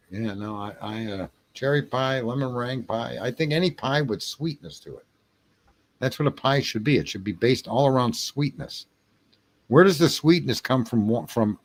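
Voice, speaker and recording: A man hosting a late-night livestream, chatting casually and profanely with his viewers. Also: medium pitch. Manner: rambling, profane, jokey banter with chat. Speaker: livestream host reading chat.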